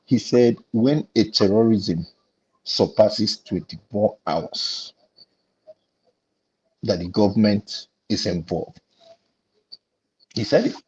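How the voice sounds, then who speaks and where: Indignant husky man with a Nigerian accent. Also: lowish voice, slow, long pauses, darkish tone, lo-fi sound. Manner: indignant storytelling, acting out the exchanges. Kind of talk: casual panel discussion.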